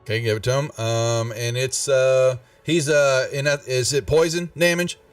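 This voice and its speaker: A man narrating as game master in a live-streamed tabletop game, halting and restarting as he checks the rules. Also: medium pitch, fairly even intonation, no echo, recorded from a distance, soft background music. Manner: halting, with many restarts and fillers.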